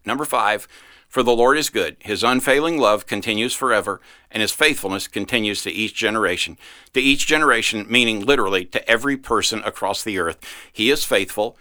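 A man speaking as a pastor, giving an earnest podcast devotional that rises into loud exhortation. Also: fairly low pitch, brisk, no echo.

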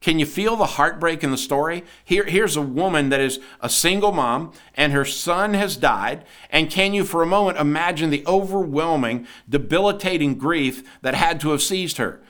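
A man's voice: on the high side, normal speed, few pauses, a bit bright. A man giving a devotional podcast sermon, earnest, asking listeners questions and building to emphatic peaks. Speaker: podcast preacher.

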